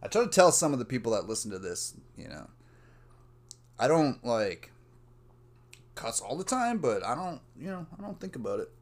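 A man's voice: mid-range voice, very animated, moderate pace, long pauses. A young man hosting a solo podcast, talking casually in a meandering stream of consciousness and swearing freely. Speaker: podcast host. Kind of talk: rambling solo podcast monologue.

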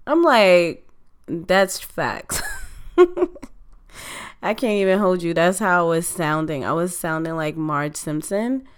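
A woman hosting a podcast in casual chat, her voice slightly hoarse and still recovering, speaking in a conversational, reflective way. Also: on the low side, lively intonation. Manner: conversational, reflective, drawn-out delivery. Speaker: podcast host.

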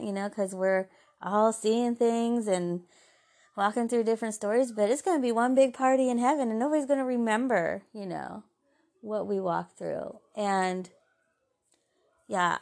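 A woman hosting a podcast, giving an earnest, heartfelt, faith-based talk of encouragement that often softens into gentle asides. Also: medium pitch, gravelly. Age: adult mother. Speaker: podcast host.

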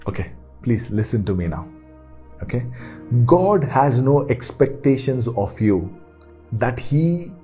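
A man's voice: a little high, darkish tone, husky. A man preaching a sermon, repeating key phrases with emphatic, rising delivery.

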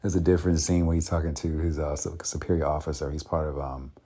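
A man vlogging in a casual, rambling way, with many pauses and restarts. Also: extremely low pitch, little pitch movement, mellow, husky. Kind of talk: casual chat.

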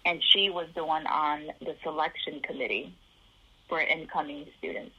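A woman's voice: sits low, steady tone, moderate pace, breathy edge, lo-fi sound. A woman from the Chicago area telling her life story in an interview, acting out the voices of the people in it.

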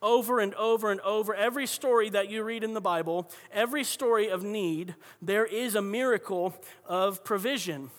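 A man's voice: high-pitched, normal speed, hardly any pauses, fairly bright tone, big-room sound. A man pastor preaching a sermon in a conversational, storytelling way, often restarting his sentences.

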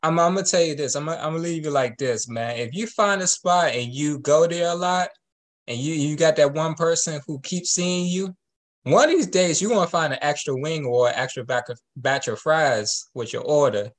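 A man's voice: fairly high pitch, moderate pace. A man, laid-back and joking in casual chat.

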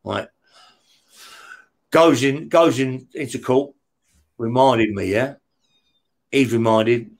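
A man telling stories as an interview guest, blunt and rough-spoken, swearing heavily and tagging his lines with "yeah?". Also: mid-range voice, takes it slowly, pauses often. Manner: heavy swearing, frequent "yeah?" tag questions. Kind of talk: casual storytelling.

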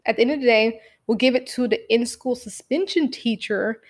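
Young woman, casual storytime, cursing often, animated, filler-heavy, acts out quotes. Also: fairly high pitch, normal speed. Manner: profane, animated, full of fillers and acted quotes.

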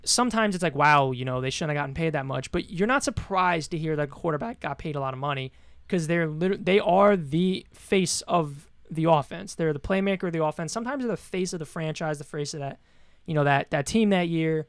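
A man's voice: a little high, fairly quick, no echo, clean studio sound. Rambling male podcast co-host. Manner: rambling, lots of fillers and restarts. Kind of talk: casual sports podcast chat.

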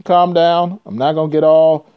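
A man's voice: on the high side, fairly even intonation, moderate pace, clear, resonant tone. A man hosting a trucking channel, reading news stories aloud and breaking off into blunt, profane rants. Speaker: trucking video host. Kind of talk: casual commentary on news. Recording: dull lo-fi sound.

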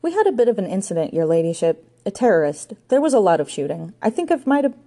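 A woman's voice: mid-range voice, very animated, fast talker, warm tone. A woman doing a fussy, flustered lady.

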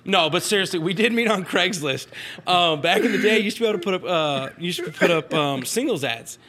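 A man's voice: high voice, lively intonation, a little fast, noisy background. A man who runs a collectibles shop, telling profane, joking stories as a podcast guest and laughing often. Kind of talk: casual podcast chat.

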